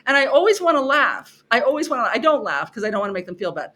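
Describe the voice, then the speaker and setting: A middle-aged woman, a professor guesting on a podcast, telling stories about her classes in an expressive way, acting out her students and repeating herself for emphasis. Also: a little high, fast talker. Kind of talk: animated conversational storytelling.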